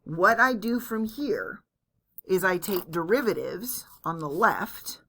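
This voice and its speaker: A woman with a fairly low voice teaches calculus in a recorded lecture. She talks each step through aloud, keeping it chatty and joking at her own expense. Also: lively intonation, slow, creaky, pushed and bright. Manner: chatty, self-deprecating, walks through steps aloud. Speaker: math teacher.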